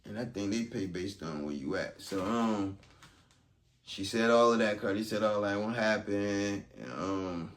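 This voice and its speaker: A man's voice: lowish voice, unhurried. A man recapping events in a loose, conversational vlog, with lots of ums. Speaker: vlogger recapping a court trial. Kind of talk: casual commentary. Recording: roomy sound, distant from mic.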